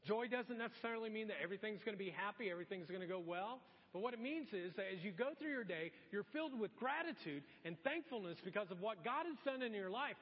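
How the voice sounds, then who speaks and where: A man's voice: high-pitched, slightly rough. A middle-aged male pastor preaching a sermon in a church, acting out exasperated asides. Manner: animated, acts out exasperated asides. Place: church auditorium. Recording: long church-hall reverb, dull lo-fi sound.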